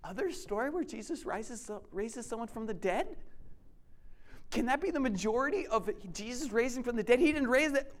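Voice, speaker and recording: A male pastor giving an animated sermon, moving between lively storytelling and quiet reflection. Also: very high-pitched, moderate pace.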